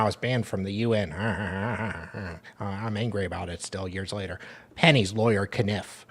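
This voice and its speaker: A man co-hosts a casual live chat. His voice is husky, and he reads other people's posts in a deep, dry, mock-serious tone. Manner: dry, jokey, reads quoted posts in a low put-on voice. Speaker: co-host.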